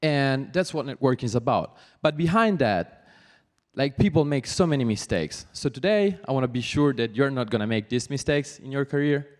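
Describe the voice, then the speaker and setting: A young man with an Italian accent speaks at mid pitch in an earnest, deliberate way, his English slightly halting. The long reverb of a large hall trails his words. He addresses an audience as a guest coach. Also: lively intonation. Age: young adult. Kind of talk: motivational talk to an audience.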